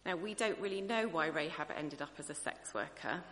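Bright-voiced woman preacher, reverberant. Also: low-pitched, brisk. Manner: conversational, earnest, thinking aloud. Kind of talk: sermon.

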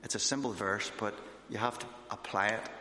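In an echoey hall, a missionary preacher gives an informal sermon that includes his own testimony. His fairly low, sharp voice moves fairly quickly, conversational and full of fillers and restarts.

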